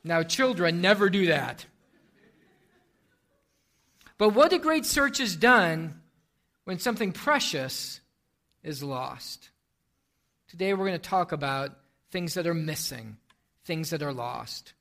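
Male pastor preaching, high voice with a gravelly edge, storytelling delivery. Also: expressive, unhurried, pushed and bright. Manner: storytelling, then reading scripture and praying. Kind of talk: sermon.

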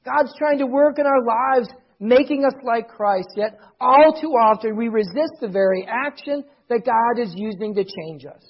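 Male pastor, middle-aged, husky higher voice, dynamic sermon delivery from loud to hushed, dull recording. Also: unhurried, hardly any pauses. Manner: dynamic preaching, swelling loud then dropping to near whispers.

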